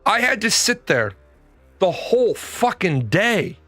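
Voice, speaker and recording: Profane ranting man, high bright voice. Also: big pitch swings, takes it slowly, dry recording, soft background music. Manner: profane, exasperated storytelling. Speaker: host. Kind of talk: ranting personal story.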